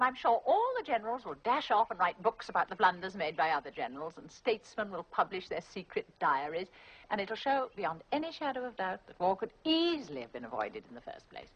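An actress playing a weary wartime widow who speaks in a wry, reflective way, heard from an old film soundtrack. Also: female voice, medium pitch, a bit bright, slightly rough, lo-fi sound. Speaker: film character. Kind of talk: 1960s film drama.

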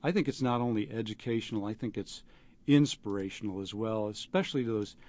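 A man, an actor, answering interview questions in a halting way, with many fillers and restarts. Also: lowish voice, darkish tone, no echo. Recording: dull lo-fi radio recording.

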